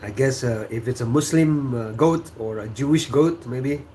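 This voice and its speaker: A man with an Indonesian accent, a native Sundanese speaker, hosting a casual livestream chat, relaxed and chuckling, with many fillers. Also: mid-range voice, moderate pace, slight background noise. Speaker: host.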